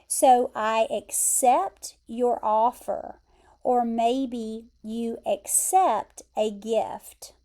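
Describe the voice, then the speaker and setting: A woman with an American accent teaching English vocabulary, explaining word pairs carefully and repeating pronunciations clearly. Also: fairly high pitch, steady tone, extremely slow, mellow. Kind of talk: vocabulary lesson.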